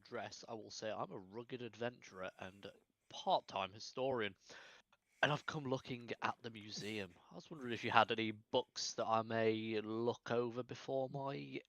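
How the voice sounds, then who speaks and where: A man's voice: medium pitch, moderate pace, creaky, a bit bright, dry recording. A man voicing a haughty, posh male adventurer and part-time historian, with a put-on refined manner.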